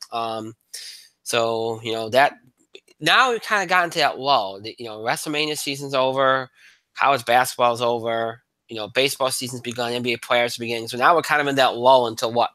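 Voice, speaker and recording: A man's voice: medium pitch, pushed and bright, dry recording, low-quality recording. A man hosting a podcast in casual chat, rambling with fillers and restarts. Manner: plain conversational, rambling with fillers. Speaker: podcast host.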